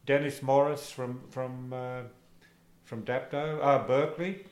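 An older man with a relaxed Australian accent spins yarns about his playing days, pausing often on fillers. His voice sits at an ordinary pitch. The room has a noticeable echo. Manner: casual, anecdotal, halting with fillers. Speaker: interviewee, former soccer player. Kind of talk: oral history interview. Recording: echoey room.

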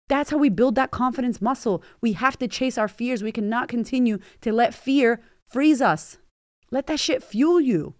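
A woman's voice: on the high side, darkish tone, dry recording, studio quality. Blunt, profane woman podcast host. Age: 40s. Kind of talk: motivational podcast monologue.

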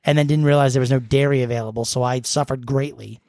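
A man's voice: mid-range voice, steady tone, fast talker, dark tone, no echo, clean studio sound. A young man co-hosting a podcast, joking and rambling through the show info. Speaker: podcast co-host. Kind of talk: casual chat.

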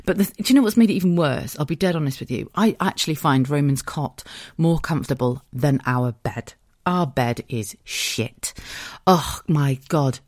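A woman's voice: low voice, expressive, normal speed, a little mellow, no room sound, studio quality. Candid, sweary British woman rambling. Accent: British English. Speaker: podcast host. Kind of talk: casual chat monologue.

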